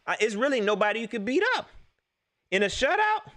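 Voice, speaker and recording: A man's voice: very high voice, brisk. A young man hosting a live post-game stream, talking casually to his viewers and laughing often. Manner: animated, laughs often, talks straight to the chat. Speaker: live-stream sports show host.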